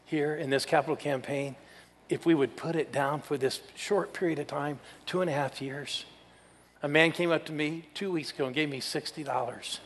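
A man preaching a sermon in a church, energetic and calling on the congregation to answer him. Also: a little high. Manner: energetic, calls for crowd responses. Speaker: guest preacher. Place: church sanctuary. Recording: church hall reverb.

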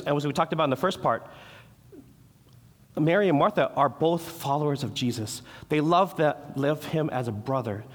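A man preaching a sermon as pastor, earnest, restarting his words and acting out the quoted voices. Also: mid-range voice. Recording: long hall reverb.

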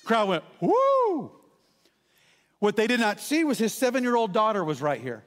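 A man preaching a sermon as pastor, telling stories with lively asides to the congregation. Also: high-pitched, fast, big-room sound. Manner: animated storytelling with asides to the congregation.

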